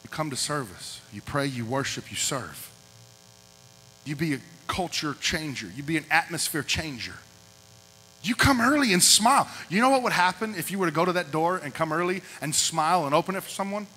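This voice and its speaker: A man's voice: on the high side, expressive, fairly quick, bright, forceful tone, slightly rough. A man preaching as youth pastor, punchy and repetitive, directing a group in a large hall. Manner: punchy, repeats short lines. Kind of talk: youth service sermon. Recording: echoey hall with mains hum.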